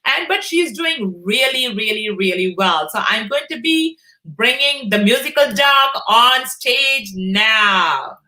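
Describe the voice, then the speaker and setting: Hosting a casual live stream, a middle-aged woman welcomes her viewers by name with warmth and lots of "uh" fillers. She speaks in a bright, forceful, slightly high voice, and the room sounds echoey.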